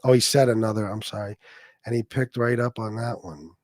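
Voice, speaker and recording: A man's voice: on the low side, steady tone, fairly quick, no echo. Man, angry sarcastic rant, lots of swearing, dry dead room. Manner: profane, heated, sarcastic ranting. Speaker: livestream host. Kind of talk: ranting livestream commentary.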